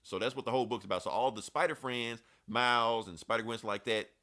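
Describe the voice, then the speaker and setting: A man's voice: mid-range voice, fast talker, pushed and bright. A man hosting a podcast, recapping a comic book in a loose, profane, chatty way. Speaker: podcast host. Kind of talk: casual comic book review chat.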